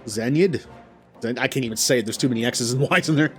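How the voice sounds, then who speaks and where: A man's voice: medium pitch, rapid-fire, faint music behind. A man hosting a let's play, thinking aloud about his moves with chuckles and self-deprecating remarks. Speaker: gaming channel host.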